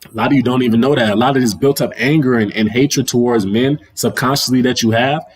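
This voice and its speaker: Man, young adult, livestream host, casual slangy rant, repetitive, mid-pitched voice. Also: fairly even intonation, fast, slightly rough. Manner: slangy and repetitive, circling back over the same points. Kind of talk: casual ranting monologue. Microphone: livestream mic.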